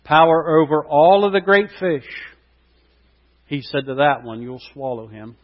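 A man preaches a sermon in a slightly higher voice, building to impassioned, loud peaks on his key points. His voice rings with a long hall reverb. The recording sounds dull and lo-fi. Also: measured pace. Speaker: pastor.

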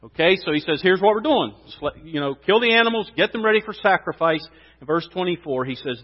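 Lively preacher man in a reverberant church. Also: high-pitched, fairly quick. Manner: lively storytelling preacher, rising to loud exclamations. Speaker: pastor. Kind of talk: sermon. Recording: dull sound, long hall reverb.

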